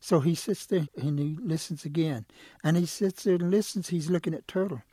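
A man telling a folk tale as a storyteller, relaxed and lively with fillers. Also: on the high side, normal speed, breathy edge, no echo, studio quality.

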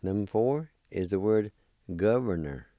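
A man's voice: on the low side, expressive, unhurried, mellow, no room sound, clean studio sound. A man teaching a language lesson, carefully spelling out and repeating words for learners.

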